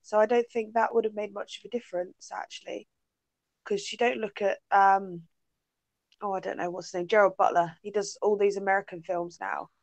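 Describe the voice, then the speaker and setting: A woman joining a podcast chat who talks in a chatty way and sometimes pauses to search for a word. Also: medium pitch, little pitch movement, no echo. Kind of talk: casual chat.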